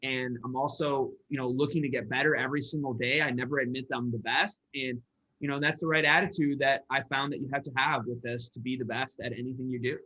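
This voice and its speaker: Bright, husky man telling his story. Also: medium pitch, steady tone, fast. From Michigan, USA. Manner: earnest, rambling with many restarts. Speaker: guest, entrepreneur and sales coach. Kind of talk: personal storytelling in a podcast interview. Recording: dull lo-fi audio.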